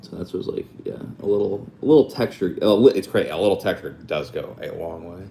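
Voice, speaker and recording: A young man hosting a live stream, chatting casually and rambling as he thinks out loud and answers chat. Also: low voice, a little fast, creaky, a little hiss or hum. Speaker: live-stream host painting cards.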